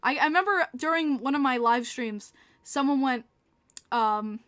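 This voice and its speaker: A woman's voice: high-pitched, normal speed, a bit bright. A woman with a Long Island New York accent, hosting a casual livestream podcast and chatting with viewers, laughing often. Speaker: podcast host reading live chat.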